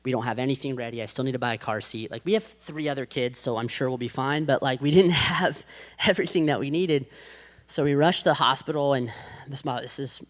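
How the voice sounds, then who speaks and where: A man's voice: mid-range voice, a little fast, fairly bright tone. A man in his thirties giving a personal faith testimony as a podcast guest, casual and full of "like", acting out what others said. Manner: casual, heavy use of "like", acts out quotes.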